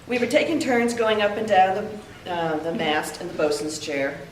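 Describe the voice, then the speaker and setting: An older woman giving a heartfelt memorial tribute, telling stories with pauses. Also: mid-range voice, expressive, slight background noise. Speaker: eulogy speaker. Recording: echoey room, heard from a distance.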